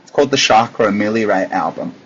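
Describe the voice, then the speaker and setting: An Australian man, a psychic medium, chatting casually with viewers on a livestream from his desk, animated and laughing often. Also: lowish voice, quick pace, slight background noise. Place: at a desk at home. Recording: dull lo-fi livestream audio.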